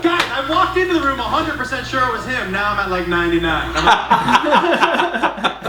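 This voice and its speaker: High, animated stand-up comic, far off. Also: male voice, normal speed, a crowd in the background. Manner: animated, profane, acts out both sides of a dialogue. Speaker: stand-up comedian. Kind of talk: stand-up comedy storytelling. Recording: roomy, distant stage recording with background noise.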